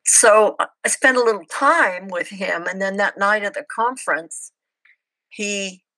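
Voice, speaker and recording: A woman's voice: on the low side, fairly bright tone, no echo, low-quality recording. An older woman, a podcast guest, telling her missionary stories in casual, chatty conversation. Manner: chatty, anecdotal. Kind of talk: casual storytelling interview.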